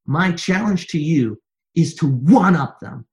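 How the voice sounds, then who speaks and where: A man's voice: a little high, expressive, measured pace. Man preaching with rising intensity. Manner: repetitive preaching refrains, building to forceful exhortation. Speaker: pastor. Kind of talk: sermon.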